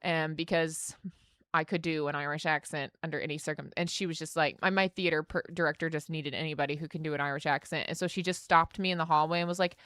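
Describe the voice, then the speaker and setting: A woman's voice: sits low, fairly even intonation, fast, fairly bright tone, no room sound, clean studio sound. A young adult woman streamer chatting casually, rambling through a story full of fillers and restarts. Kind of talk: casual chat on a gaming stream.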